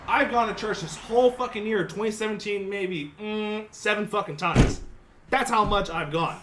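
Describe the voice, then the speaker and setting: A man's voice: high voice, moderate pace, slight background noise. A man co-hosting a casual podcast chat, swearing often and acting out quotes as he tells stories. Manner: profane, animated storytelling with acted-out quotes. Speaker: podcast co-host.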